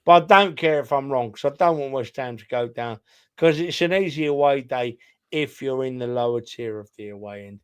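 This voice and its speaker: Man, football podcast co-host, rambling, emphatic, slightly tipsy, mid-pitched voice. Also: moderate pace, smooth. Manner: rambling, emphatic, keeps calling the other host son. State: tipsy from drinking. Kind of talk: casual football chat.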